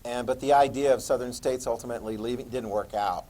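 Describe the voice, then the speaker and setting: A man teaching a history class, quizzing students with questions and joking asides in an animated lecture. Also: mid-range voice, fast talker, low-quality recording.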